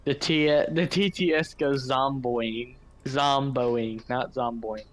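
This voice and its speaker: Slow-talking man on game chat. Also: medium pitch, lively intonation, fairly bright tone. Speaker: player in a multiplayer game. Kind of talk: casual gaming voice chat.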